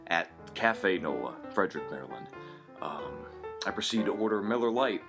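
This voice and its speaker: A man co-hosting a comedy talk show, telling an anecdote in a dry, halting way with many ums. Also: low voice, lively intonation, over loud music. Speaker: podcast co-host. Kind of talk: storytelling comedy chat.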